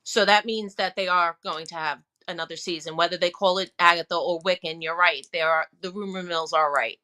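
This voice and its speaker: Bright, emphatic woman. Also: fairly low pitch, fairly even intonation, brisk. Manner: enthusiastic, emphatic. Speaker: podcast co-host. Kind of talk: casual chat.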